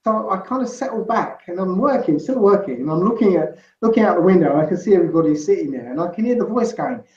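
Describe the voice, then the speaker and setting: A man's voice: high-pitched, animated, quick pace, darkish tone. A man talking as a guest in a casual interview, rambling and checking in with "you know" and "right?" as he explains. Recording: roomy, muffled lo-fi sound.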